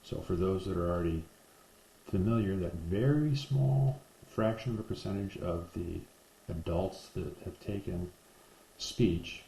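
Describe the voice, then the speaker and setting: Deep, gravelly man teaching. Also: dark tone, slight background noise. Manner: slow, deliberate, repetitive drilling of speech sounds. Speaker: parenting educator. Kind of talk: instructional talk to camera. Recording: echoey room, poor sound.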